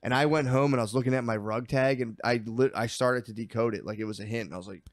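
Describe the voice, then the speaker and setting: A man's voice: mid-range voice, fairly even intonation, fast, no echo, studio quality. A man co-hosting a podcast, telling stories in casual chat with lots of swearing and "dude". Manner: profane storytelling with lots of "dude". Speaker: podcast co-host.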